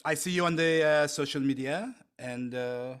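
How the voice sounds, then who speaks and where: A man voicing a scheming male French Canadian syrup crime boss with a put-on French accent, halting and full of pauses. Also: fairly high pitch, fairly bright tone, a little hiss or hum, lightly acted. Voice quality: halting speech with thick fake accent, many "uh" pauses. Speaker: game master voicing a character.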